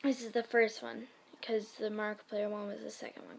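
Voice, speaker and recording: A woman's voice: mid-range voice, little pitch movement, moderate pace, gravelly, a little hiss or hum. A woman reading fan fiction aloud in a casual way, often breaking off to giggle and comment on the text. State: sick.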